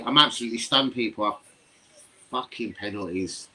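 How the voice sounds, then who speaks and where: Male streamer, stunned, sweary, bright-toned, medium pitch. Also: moderate pace, a little hiss or hum. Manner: stunned, swearing, rambling to viewers. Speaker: fan livestream host. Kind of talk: live reaction stream.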